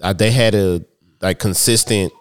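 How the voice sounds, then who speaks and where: A man's voice: fairly low pitch, steady tone, moderate pace. A man in casual sports talk with friends, hesitant and restarting often, with loose slang.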